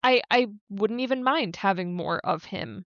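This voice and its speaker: A woman's voice: mid-range voice, expressive, moderate pace, a bit bright, no room sound. A woman co-hosts a recap podcast in frank, casual chat and sometimes swears. Her mic sounds a bit dull and muffled, and the sound is dry and close. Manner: frank and casual, uses "like" and "I don't know" a lot, swears now and then. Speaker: podcast co-host.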